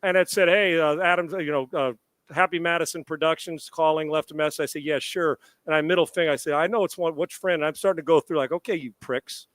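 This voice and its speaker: A middle-aged man with a fairly high speaking voice spins a lively anecdote on a sports talk show. He acts out both sides of the conversation and swears freely. The sound is dry and close, with no room echo. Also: fast. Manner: animated anecdote-telling with quoted dialogue and profanity. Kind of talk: casual storytelling on a live sports show.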